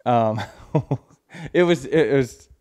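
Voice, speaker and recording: A man's voice: medium pitch, slow pace, darkish tone. A man hosting a podcast, talking in a blunt, wry, casual way in a studio. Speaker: podcast host.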